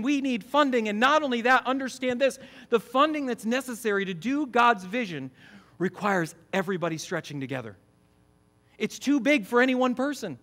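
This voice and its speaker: A man's voice: high-pitched, fairly bright tone. A middle-aged man preaching a sermon as campus pastor, emphatic, often asking the congregation questions.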